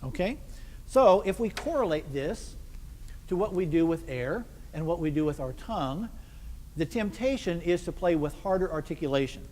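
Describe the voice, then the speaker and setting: Brief: man rehearsing a wind band, slightly high voice, rehearsal hall with long reverb. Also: expressive, moderate pace, warm tone. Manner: asks questions and answers them; counts the ensemble in. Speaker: band conductor. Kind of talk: rehearsal instruction.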